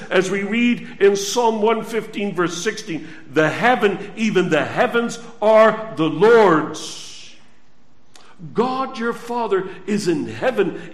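Male preacher, high voice, slow deliberate delivery, emphatic swells and hushed drops, reverberant room. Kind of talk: sermon. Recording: echoey room.

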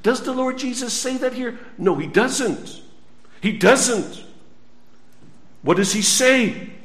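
Male pastor, high, animated voice, measured unhurried preaching, echoey church. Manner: preaching with rhetorical questions, swinging loud and soft. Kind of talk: sermon.

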